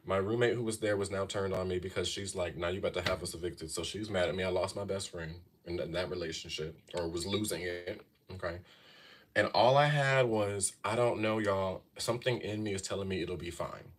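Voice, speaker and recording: A man in his thirties giving casual astrology advice on a live stream, talking to viewers in a chatty way and often checking in with "okay?". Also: deep voice. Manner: chatty, keeps saying "okay?" and "y'all". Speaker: astrology and tarot reader.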